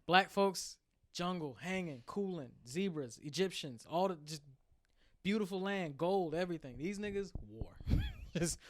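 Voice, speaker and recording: A man co-hosting a casual podcast, retelling a story in animated, slang-filled chat. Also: high voice, unhurried. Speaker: podcast co-host.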